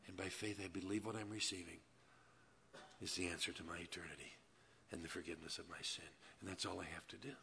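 At a Wednesday evening church service, a pastor with a deep, steady, vocal-fried voice preaches fast, swinging between loud emphatic lines and quiet conversational asides. His manner is folksy, full of "man" and "you know," and there's a little hiss or hum.

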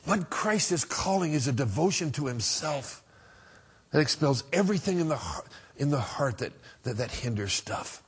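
A middle-aged pastor delivers a sermon in a husky, slightly higher-pitched male voice. He preaches in an earnest, conversational way, pressing hard on some lines and dropping to a hush on others. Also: expressive, normal speed. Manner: earnest, conversational preaching with emphatic swings from loud to hushed.

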